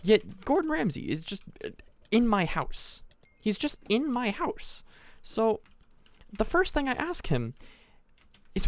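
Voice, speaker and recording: A teenage boy telling a long, rambling story as casual commentary over a game he is playing, animated, restarting sentences and adding asides. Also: high voice, takes it slowly, pauses often, no echo. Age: teens. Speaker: gaming channel host.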